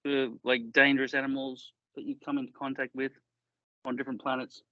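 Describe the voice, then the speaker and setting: A man's voice: medium pitch, flat delivery, brisk, bright, forceful tone, no echo. A man co-hosting a casual podcast, rambling and swearing often while laughing easily. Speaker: podcast co-host. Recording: dry, dull lo-fi sound.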